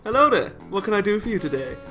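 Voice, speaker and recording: A man's voice: high-pitched, sing-song, fast talker, music in the background, voice pushed up. A man voicing a friendly, cheerful young male school nurse in a read-aloud visual novel, with an upbeat, slightly sly delivery.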